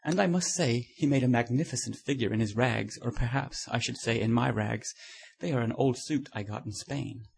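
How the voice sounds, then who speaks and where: A man's voice: mid-range voice, normal speed, creaky, few pauses, slightly rough. A man reading the part of a witty society painter who teases his friend, in a breezy, amused way. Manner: breezy, teasing.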